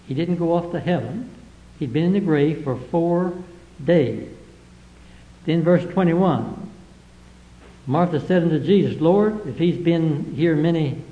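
Man preaching verse by verse. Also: a little high. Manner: reads scripture aloud verse by verse, then explains it plainly; old-fashioned King James phrasing in quotes. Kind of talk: Bible-reading sermon. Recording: echoey, dull lo-fi recording.

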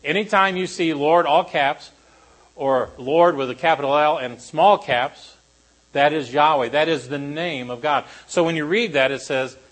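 A male pastor preaching a sermon to a congregation, shifting between animated emphasis and quiet, solemn lines. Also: fairly high pitch, a little slow, low-quality recording.

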